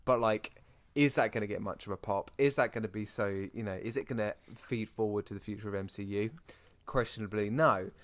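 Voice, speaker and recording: Hoarse British guy, low voice. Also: fairly quick, few pauses, a bit bright. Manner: chatty, rambling asides, repeats himself. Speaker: podcast co-host. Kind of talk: casual podcast chat.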